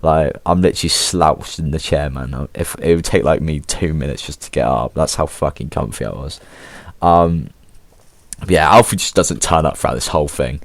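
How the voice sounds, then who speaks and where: A teenage lad with an English accent tells a school story in a loose, slang-heavy ramble, swearing freely. His voice sits low. The recording is very dry, with no room sound. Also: moderate pace, no echo. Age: teens. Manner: slangy, swears a lot, laid-back. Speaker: vlogger. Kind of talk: casual storytelling.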